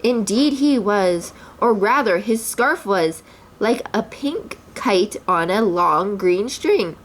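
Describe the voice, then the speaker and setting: A woman's voice: mid-range voice, animated, slow, slight background noise. A woman reading a children's story aloud expressively, a mother voicing the characters.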